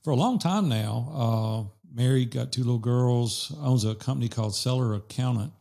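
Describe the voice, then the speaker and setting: A man hosting a podcast, chatting casually with his co-host. His voice has a gravelly fry to it, and he tells stories with lively acted-out quotes. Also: medium pitch, moderate pace. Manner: animated storyteller, quotes people in lively voices. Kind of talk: casual chat.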